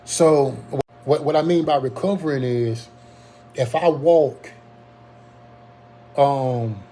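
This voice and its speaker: A young man speaks in a warm, mellow voice at an ordinary pitch. His telling is earnest and halting, full of ums and restarted sentences. A faint hum sits underneath the recording. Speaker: Covid survivor telling his story. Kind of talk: casual personal testimony.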